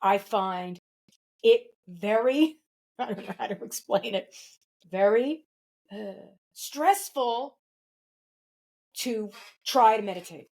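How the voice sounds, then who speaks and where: A woman's voice: medium pitch, slow, pauses often, darkish tone, poor audio. Female podcast host, casual and rambling, chats freely and laughs easily, mid-range voice. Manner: chatty and rambling, laughs often. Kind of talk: casual conversational interview.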